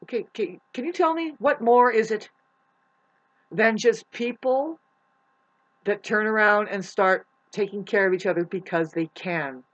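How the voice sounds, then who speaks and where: A woman's voice: mid-range voice, measured pace. Rambling, cursing woman on a dull recording. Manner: rambling, profane, many restarts, swinging between loud outbursts and hushed asides. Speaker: astrology vlogger. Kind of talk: rambling spiritual monologue.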